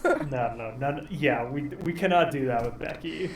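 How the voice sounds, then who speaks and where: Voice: medium pitch, moderate pace, crowd noise. A player in a tabletop game, making wry, teasing jokes and laughing often. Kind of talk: casual tabletop chat. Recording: echoey room, distant mic, background noise.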